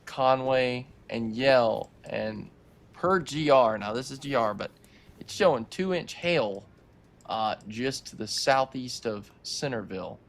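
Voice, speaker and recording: A man co-hosting a live weather stream, giving relaxed, plain updates on new storm warnings. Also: mid-range voice, slow pace.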